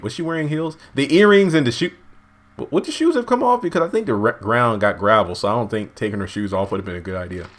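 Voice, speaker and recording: A man casually recapping a TV episode at home, lively and acting out characters' lines in high voices. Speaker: TV show reviewer. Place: home, indoors.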